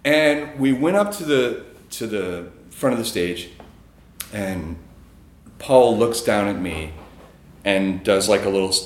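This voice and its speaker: A man's voice: on the low side, animated, slow, echoey room. A man telling a personal story in a casual, rambling way, with fillers and chuckles. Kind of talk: live storytelling.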